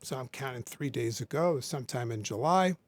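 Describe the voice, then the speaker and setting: A man with a rough, gravelly voice at a middling pitch, talking as a podcast guest. He tells a personal story in earnest and repeats his key lines to drive them home. The sound is close and dry. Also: lively intonation, moderate pace, no echo.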